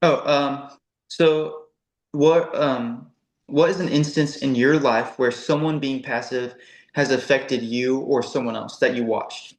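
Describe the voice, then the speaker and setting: A male podcast host asks his questions slowly and hesitantly, with plenty of fillers. His voice is mid-pitched and rings in a roomy, echoey space. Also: fairly even intonation. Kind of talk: interview questions. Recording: roomy echo.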